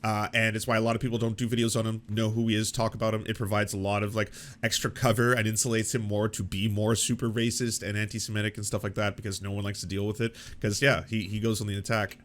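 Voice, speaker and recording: A man's voice: lowish voice, little pitch movement, fast, hardly any pauses. Profane casual male commentator. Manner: loose, profane, frequent "like" fillers. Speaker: show host reacting to a debate.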